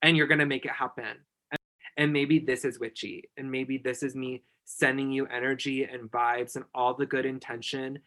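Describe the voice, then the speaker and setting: A man talks in a casual podcast chat, pouring out emphatic encouragement. His voice is bright and forceful, sitting at an ordinary pitch for a man. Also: little pitch movement, moderate pace. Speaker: podcast guest.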